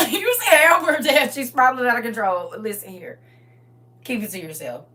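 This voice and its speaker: A woman's voice: a little high, animated, normal speed, pushed and bright, distant mic. A middle-aged woman chatting on her livestream, playful and boisterous, laughing often. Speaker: livestream host. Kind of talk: casual livestream chat. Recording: voice from away from the mic.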